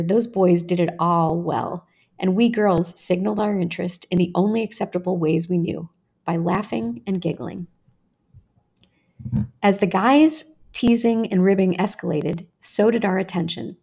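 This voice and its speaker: A woman podcast host reading her own personal essay aloud in a measured, earnest way. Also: fairly low pitch, gravelly, dark tone, breathy edge.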